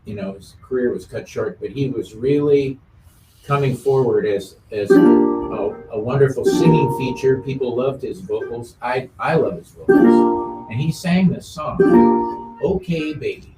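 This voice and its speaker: Unhurried man in a roomy space. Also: medium pitch, loud music behind the voice. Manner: easygoing, many filler pauses. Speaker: music show host. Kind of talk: casual chat about old songs. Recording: roomy sound from a distant mic.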